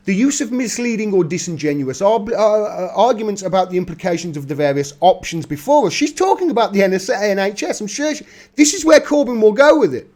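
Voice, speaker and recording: A man's voice: sits high, darkish tone. A man reading news articles aloud and breaking off into sarcastic, laughing commentary, as the host of a political livestream. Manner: mocking, laughs often, reads then riffs.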